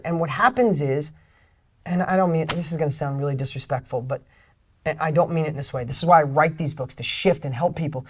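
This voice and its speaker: A middle-aged man, a guest author and speaker, gives an energetic motivational talk in an interview with a fairly high, slightly rough voice at a fairly quick pace. He's emphatic, swinging between loud bursts and soft asides.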